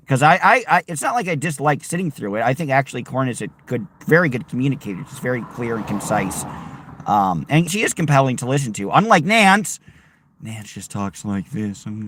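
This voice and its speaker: On a road trip, a man with a mid-range, fairly bright voice livestreams casually from outdoors and inside his car. He rambles, reads the chat aloud, and talks to his dog.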